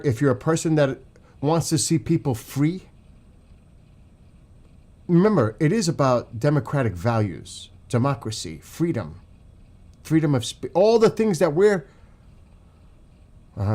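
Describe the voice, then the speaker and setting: A man's voice: fairly high pitch, a little mellow. Heated profane New York man. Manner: angry, profane, emotional ranting. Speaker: livestream host. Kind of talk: heated political commentary to chat.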